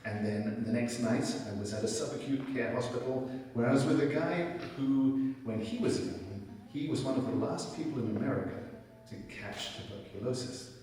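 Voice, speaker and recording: A middle-aged man telling a personal story in a relaxed, conversational way at a spiritual center, often quoting himself. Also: mid-range voice, moderate pace, a little hiss or hum. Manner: conversational storytelling, quotes himself in lively asides. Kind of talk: personal testimony talk. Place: large hall at a spiritual center. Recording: echoey hall, mic from far off.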